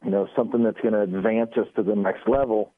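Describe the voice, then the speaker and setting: Animated man telling a story over the phone. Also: fairly low pitch, fast, dry recording. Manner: animated, acts out quoted lines. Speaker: radio show guest. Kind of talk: casual storytelling. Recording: tinny phone line.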